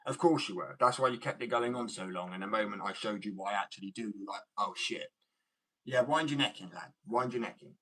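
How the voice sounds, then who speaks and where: Male streamer from Germany, bright and punchy tone, combative and mocking, ranting back at viewer comments. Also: fairly low pitch, fast, few pauses, rough recording. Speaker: skateboard artist streaming.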